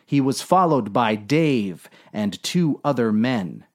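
A man narrating a comic story in a dry, unhurried, deadpan way. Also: mid-range voice.

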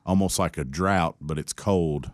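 A young man tells a story in a relaxed interview, slipping into the voices of others and laughing along. His voice sits very low. The sound is close and dry. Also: measured pace, no room sound. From Tennessee. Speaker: country singer guest.

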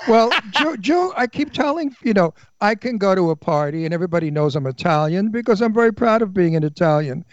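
Man, radio host, blunt, opinionated, swears, slightly high voice, dry dull studio sound. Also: animated, fairly quick, hardly any pauses, no room sound. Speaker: radio talk show host. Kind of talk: casual radio chat.

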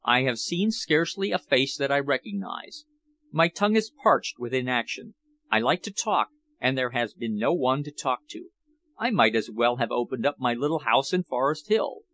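A man reading the part of a plump, talkative schemer who speaks eagerly and smoothly. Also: mid-range voice, expressive, moderate pace, a bit bright. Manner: eager, chatty.

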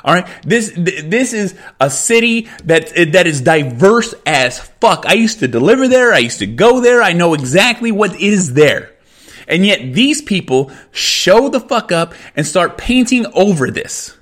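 A man's voice: sits high, big pitch swings, a little slow, fairly bright tone. A man from California hosting a podcast, ranting angrily in a heated, profane, repetitive way. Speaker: podcast host. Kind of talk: angry podcast rant.

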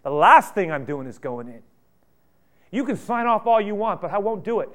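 Man putting on a sulky bitter older brother, indignant, gets loud. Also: mid-range voice, brisk, close to an everyday voice. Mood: resentful. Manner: indignant, rising to loud outbursts.

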